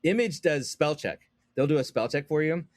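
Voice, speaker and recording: A man chatting as a guest on a podcast, rambling and animated, with many fillers and restarts. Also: a little high, normal speed, no room sound. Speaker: guest comic book writer. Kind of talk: casual podcast chat.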